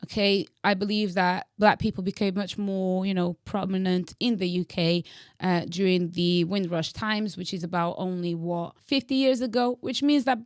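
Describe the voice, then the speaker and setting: A young woman vlogger from Angola delivers her opinions with bold, teasing flair and dramatic emphasis. Her voice sits in an everyday middle pitch. The sound is dry and close. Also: fairly even intonation, moderate pace, dry recording. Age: young adult. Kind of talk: opinionated direct-to-camera monologue.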